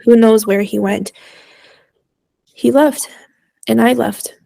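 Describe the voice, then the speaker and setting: A young woman telling a painful personal story as a podcast guest, candid and emotional, speaking in halting bursts with pauses. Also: on the high side, steady tone, gravelly, dark tone, no echo.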